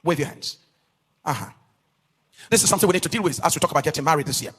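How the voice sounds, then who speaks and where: A man's voice: on the high side, fairly bright tone, slightly rough, big-room sound. A man preaching a teaching sermon to a live audience in a sing-song cadence, stretching key words and asking the audience questions. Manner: asks the audience questions and pauses for answers. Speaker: pastor.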